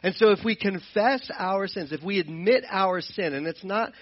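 A man's voice: sits high, normal speed, lo-fi sound. A man teaching from the Bible in an earnest, explanatory way, often repeating and restarting his phrases. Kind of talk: sermon-style Bible teaching.

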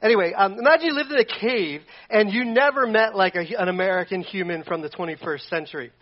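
A man's voice: high-pitched, fast. A man preaching a casual, humorous sermon, rambling and playful and often restarting his sentences. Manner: rambling and playful, with self-corrections. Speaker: pastor. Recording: dull lo-fi recording.

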